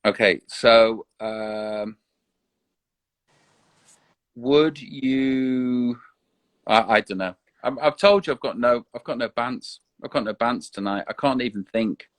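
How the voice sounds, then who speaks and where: A man's voice: medium pitch, slow, no echo. A man, chatting casually on a live video stream, often stumbling and restarting his sentences. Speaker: guest. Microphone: online live video call.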